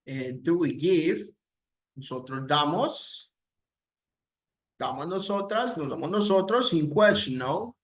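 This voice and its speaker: Guy teaching english questions real slow, bit high voice, goes back and forth with spanish. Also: animated. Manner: repeats example questions with stressed rising intonation; switches between English and Spanish. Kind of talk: slow recorded grammar lesson.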